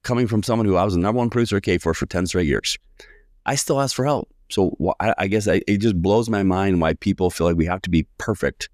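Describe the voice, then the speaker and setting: A man in his forties from the United States, a sales coach telling a lively personal story in a podcast interview and acting out the voices of people he quotes. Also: sits low, quick pace, no room sound, clean studio sound. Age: 40s.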